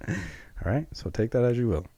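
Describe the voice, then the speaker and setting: A man's voice: mid-range voice, big pitch swings, normal speed, mellow, breathy edge, dry recording. A man co-hosting a podcast in casual chat, laid-back and repeating himself. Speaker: podcast co-host.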